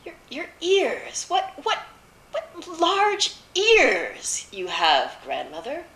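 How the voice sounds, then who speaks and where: A woman voicing a naive, wide-eyed young girl who speaks high and hesitantly. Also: wildly swooping pitch, fairly quick, pushed and bright, reverberant, full character voice.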